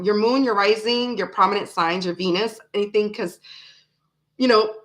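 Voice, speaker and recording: A woman's voice: mid-range voice, fairly bright tone. A woman in her thirties hosting a live tarot stream, chatting in a frank, rambling way and often laughing. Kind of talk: casual live-stream chat.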